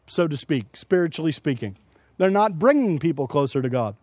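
Male preacher at a conference, higher voice, teaching earnestly with everyday examples, dry close sound. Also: big pitch swings, brisk, darkish tone, no room sound. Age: adult with young children. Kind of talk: sermon. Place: conference session.

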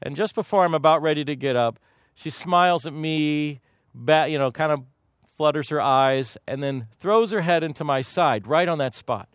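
Folksy preacher man, high voice. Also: moderate pace, no room sound, clean studio sound. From Kansas, USA. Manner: folksy, humorous, lively anecdotes. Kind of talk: sermon with personal storytelling.

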